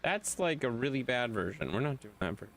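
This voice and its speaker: A man streaming a game live, joking and swearing with his friends in lively banter. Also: mid-range voice, a little fast, a little hiss or hum. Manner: excitable, profane, joking.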